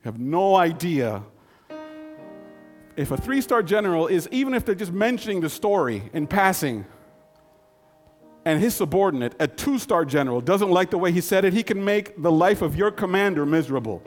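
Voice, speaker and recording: A man in his fifties telling a personal story in a folksy, conversational way with dramatic pauses. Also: high-pitched, expressive, in a large hall, soft background music.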